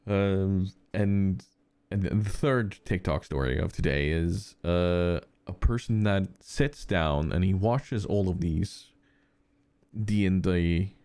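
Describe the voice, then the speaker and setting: A man's voice: sits low, slow pace, a little mellow, smooth, no echo. A man chatting casually as a podcast co-host, telling rambling anecdotes full of fillers and restarts. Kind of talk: casual chat.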